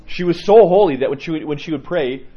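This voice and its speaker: A male priest telling stories to his congregation in an informal sermon, lively and often restarting his sentences. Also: a little high, fast, lo-fi sound. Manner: lively storyteller with frequent restarts. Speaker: Orthodox priest.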